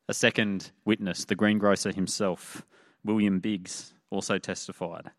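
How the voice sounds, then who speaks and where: A man preaching a sermon in a conversational way, often pausing with "uh". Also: low-pitched, steady tone, a bit bright, no echo, studio quality. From Australia. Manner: conversational, with frequent "uh" fillers. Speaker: pastor.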